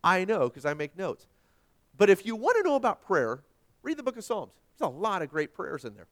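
Animated high-voiced male pastor preaching. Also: fairly quick. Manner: folksy and animated, shifting from loud emphasis to soft asides. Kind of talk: sermon.

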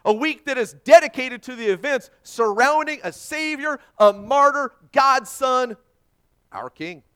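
A preacher telling a story from the pulpit, leaning into dramatic pauses. His voice is high for a man and swings widely in pitch. He builds the tale toward its message. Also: a bit bright. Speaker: pastor. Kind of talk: sermon.

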